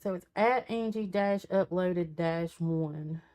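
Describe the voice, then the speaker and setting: Chatting casually on a live stream, a woman who reads tarot speaks in a slow, warm, lowish voice that cracks in and out. Folksy and talkative, she reads viewer comments aloud.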